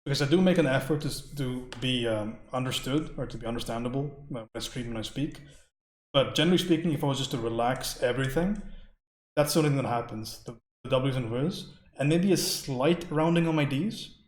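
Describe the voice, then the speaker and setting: A man's voice: mid-range voice, brisk, roomy sound. A man from India chatting casually with his stream viewers while painting. He rambles, laughs often and answers questions from chat.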